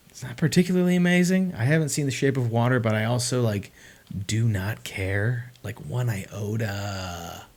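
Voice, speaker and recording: A young man chatting casually on a livestream, rambling and excitable, with lots of filler words. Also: on the low side. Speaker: streamer.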